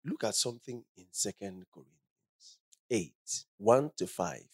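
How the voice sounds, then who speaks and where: A man's voice: lowish voice, animated, a little slow, husky, no echo, clean studio sound. A man preaching a sermon, reading scripture with rising emphasis and asking the congregation call-and-response questions.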